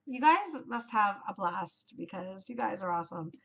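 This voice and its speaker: A woman's voice: medium pitch, animated, moderate pace, vocal fry, highs cut off. A woman in her forties hosting a knitting podcast, chatting casually and gushing, rambling with lots of fillers. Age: 40s. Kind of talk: casual chat.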